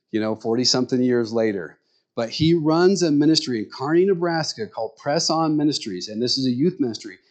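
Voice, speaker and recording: Man preaching in a frank, storytelling way. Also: medium pitch. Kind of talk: sermon told as personal stories. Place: small rural church.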